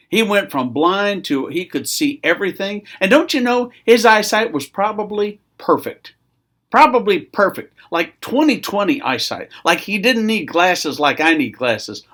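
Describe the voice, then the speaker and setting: Conversational male pastor, slightly high voice. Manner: conversational, acts out shouted quotes. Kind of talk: weekly devotional sermon.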